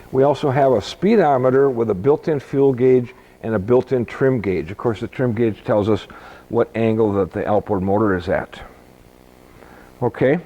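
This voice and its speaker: A man gives a folksy walkthrough of a boat's helm, chatting easily and tossing in jokes. His voice sits at an ordinary middle pitch. The recording sounds a little dull and muffled. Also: a little mellow. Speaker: boat salesman. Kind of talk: product walkthrough. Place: boat dealership.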